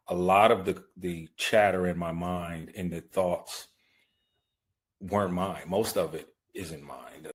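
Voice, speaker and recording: Deep voiced guy talking slow, thoughtful, podcast guest. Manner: slow and reflective. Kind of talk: reflective interview talk.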